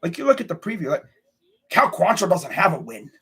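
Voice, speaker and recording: Husky, high-voiced young man ranting. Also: very animated, brisk, a bit bright. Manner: ranting, exasperated, repeats himself. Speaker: sports channel host. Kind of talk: casual sports rant.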